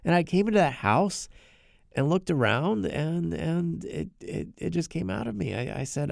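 Man with a gravelly voice, dry close mic, earnest personal storytelling with stumbling repeats. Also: a little high, big pitch swings, moderate pace, no room sound. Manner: earnest, repeats words when emotional. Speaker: podcast narrator.

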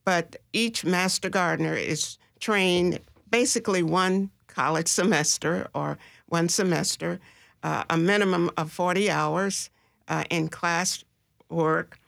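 Halting woman with a gravelly, dry voice. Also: fairly low pitch, a bit bright, no room sound. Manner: slow, halting, many filler pauses. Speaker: master gardener guest. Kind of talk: radio interview answers. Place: radio studio.

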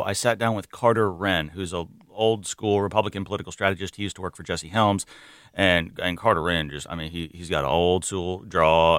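A male radio co-host steering a weekly news roundup, his voice sitting low. He talks in a loose, conversational way, dotted with "uh" fillers. The studio sound is dry and close. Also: clean tone, dry recording. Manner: relaxed, conversational, many "uh" fillers.

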